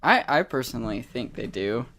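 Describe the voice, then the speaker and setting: A young man co-hosting a casual podcast chat, speaking softly and hesitantly. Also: mid-range voice, sing-song, normal speed, vocal fry. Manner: soft-spoken, quiet, hesitant. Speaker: podcast co-host.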